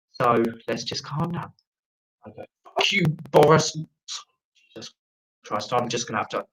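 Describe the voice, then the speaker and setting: This young South African comedian rambles and swears through an online open-mic set, calling in by video from a friend's place. He sounds on the high side and a bit bright, with slight background noise and low recording quality.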